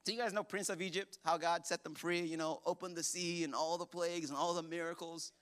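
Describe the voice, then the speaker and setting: A pastor preaches a sermon to his church congregation, animated and jokey, acting out voices as he tells the story. His voice is a little high, fairly quick, clear and resonant.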